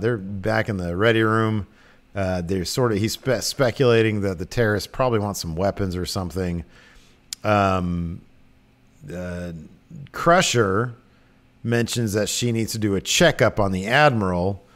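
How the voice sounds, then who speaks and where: A man's voice: fairly low pitch, moderate pace. Laid-back man recapping an episode. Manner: loose, rambling, full of fillers. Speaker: podcast co-host.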